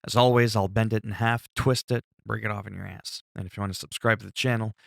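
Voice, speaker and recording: A man's voice: fairly low pitch, steady tone, fast talker, vocal fry, a bit bright, no echo, studio quality. A man rambling casually over his own gameplay as a gaming YouTuber, chatty and self-deprecating.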